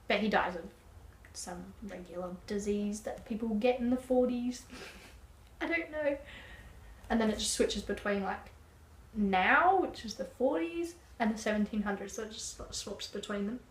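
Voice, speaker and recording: A woman's voice: medium pitch, normal speed. A young Australian woman chatting casually as a book vlogger, rambling, with frequent "like" fillers. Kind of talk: casual chat. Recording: echoey room, faint background noise.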